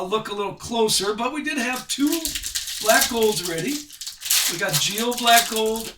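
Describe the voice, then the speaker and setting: A man's voice: high-pitched, roomy sound, distant mic, heavy background noise. Chatty man hosting a card break. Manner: chatty, reads card names off quickly. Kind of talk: live card break commentary.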